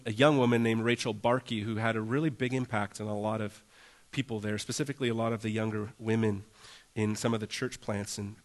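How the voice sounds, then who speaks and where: A man preaching a conversational sermon as a pastor, earnest and casual, often saying "like" and acting out prayers in a raised voice. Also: medium pitch.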